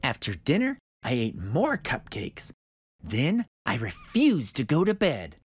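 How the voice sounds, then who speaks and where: A woman reading a children's picture book aloud with lively expression. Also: extremely low pitch, measured pace, husky, no room sound. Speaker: storybook reader.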